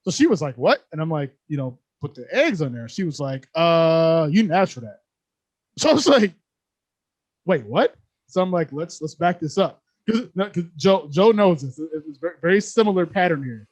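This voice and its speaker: Young guy rambling a story on a podcast, high voice, quick and slangy, laughs a lot. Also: dry recording. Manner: animated, slangy, laughs often. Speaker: podcast co-host. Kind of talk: casual storytelling chat.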